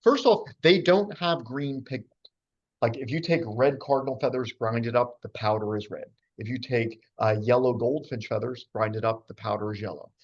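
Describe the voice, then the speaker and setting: A man's voice: medium pitch, moderate pace. A man from New giving a casual slide lecture on birds, chatty and full of fillers and asides. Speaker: birding lecturer. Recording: dull lo-fi sound.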